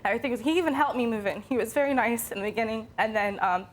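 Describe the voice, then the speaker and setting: A woman's voice: on the high side, very fast. A young woman from Philadelphia, the plaintiff on a courtroom show, telling her story in an upset and indignant way.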